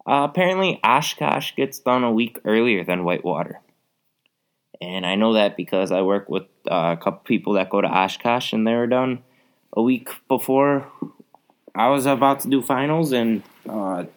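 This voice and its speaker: A man's voice: medium pitch, lively intonation, moderate pace. A young man hosting a podcast, ranting in an exasperated, rambling way with lots of fillers. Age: young adult. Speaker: podcast host. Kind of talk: casual solo rant.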